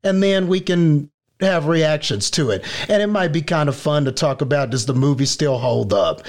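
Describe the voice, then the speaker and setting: A man co-hosting a podcast, casually rambling with lots of fillers as he pitches an idea. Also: normal speed. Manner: rambling, enthusiastic, filler-heavy. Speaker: podcast co-host. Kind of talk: casual chat.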